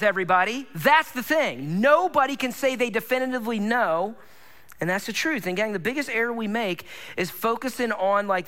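A man's voice: sits high, bright, forceful tone. A man preaching a sermon as pastor, conversational and enthusiastic, often checking in with his listeners. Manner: conversational, enthusiastic, addresses congregation as gang.

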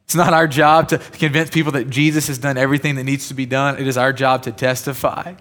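A man's voice: mid-range voice, little pitch movement, fast, a bit bright. A man preaching a sermon, telling personal stories in a conversational way and building to emphatic points. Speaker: pastor.

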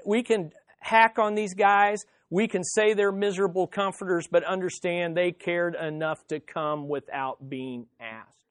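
A man preaching a sermon as pastor, speaking directly to the listeners and emphatically repeating his key phrases, swinging between loud and hushed. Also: high-pitched, no echo, clean studio sound.

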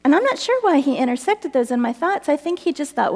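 A woman's voice: a little high, a little fast, hardly any pauses, long reverb tail. A woman giving a personal testimony talk at a church gathering, telling her story earnestly and acting out the voices in it. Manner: earnest, animated storytelling with laughs and acted quotes. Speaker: speaker at a church women's gathering.

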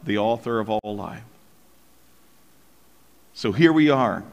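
A male pastor preaching a sermon and acting out the story's characters with lively voices. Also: medium pitch. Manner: animated, acts out voices of characters. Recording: long hall reverb.

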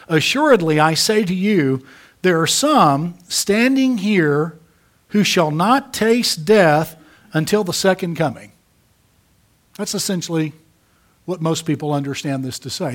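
A man preaching a sermon, emphatic, rising to loud peaks and dropping to soft asides. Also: a little high. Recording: audio of a church sermon.

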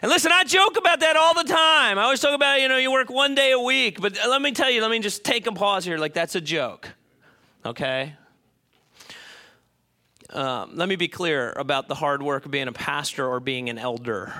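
A middle-aged American pastor preaches with a high voice at a moderate pace. Animated throughout, he swings between loud emphasis and quiet asides and acts out different voices.

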